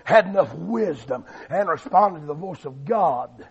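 A man preaching a fiery revival sermon, swinging between loud shouting and low, quiet delivery. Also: animated, measured pace, gravelly, slightly rough. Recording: dull lo-fi recording.

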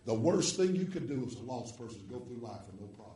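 A man preaching a revival sermon, swinging from hushed tones to chanted shouts with rhythmic "uh" breaths. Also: mid-range voice, very animated, quick pace, reverberant, distant mic.

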